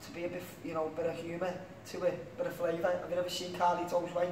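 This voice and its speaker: A man's voice: high-pitched, completely flat delivery, quick pace, darkish tone. A young man with a Liverpool accent, a singer chatting casually as an interview guest, rambling and full of "you know what I mean". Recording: echoey room, distant mic, faint noise.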